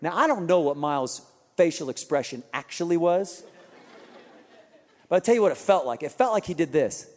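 A man pastor tells an animated story from the stage, slipping into other people's voices and laughing with his listeners. His voice sits high for a man. A long reverb from the large auditorium trails after each line. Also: normal speed, long pauses. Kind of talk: Easter sermon storytelling.

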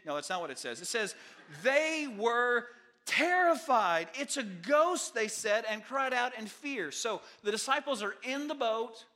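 Man, pastor, sermon, high voice, bright and forceful, animated storytelling. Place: church sanctuary.

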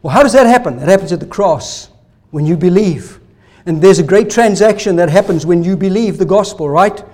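A male pastor with a high-pitched voice preaches an emphatic, animated sermon at a fairly quick pace. He asks rhetorical questions and moves between loud declarations and soft asides.

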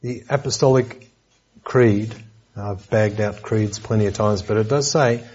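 A man's voice: lowish voice, unhurried, darkish tone, muffled recording. A man preaching a sermon lesson in a conversational way, with joking asides and repeated words.

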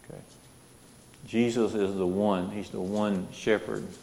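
A man's voice: fairly low pitch, fairly even intonation, unhurried, gravelly, darkish tone, long reverb tail, slight background noise. A man teaching a Bible class, reading scripture aloud and asking the group questions.

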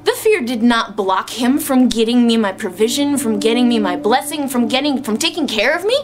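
Emotional high-voiced woman giving testimony. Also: expressive, normal speed. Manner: emotional, exclamatory, tearful at moments. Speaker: Christian speaker sharing testimony. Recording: music underneath.

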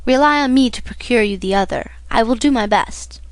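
A woman's voice: a little high, a little fast, no room sound, close to an everyday voice. A woman reading the part of a fatherly, encouraging older male shipowner in a storybook.

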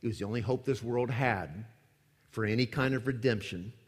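A man preaching a sermon with dramatic emphasis, swinging from loud declarations to hushed lines. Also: medium pitch, normal speed. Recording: echoey hall with long reverb.

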